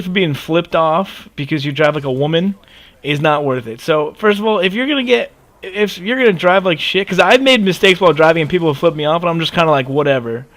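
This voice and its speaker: A man in his twenties telling a story in a casual, animated way over gameplay, with lots of cursing and emphasis. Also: on the high side. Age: 20s. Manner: animated, profane, emphatic ranting. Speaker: gaming video creator.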